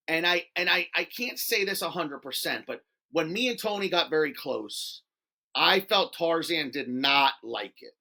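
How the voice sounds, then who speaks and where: A man guesting on a talk show, telling stories in a casual, animated way, swearing, laughing and acting out quotes. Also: on the high side. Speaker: podcast guest. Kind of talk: casual storytelling interview.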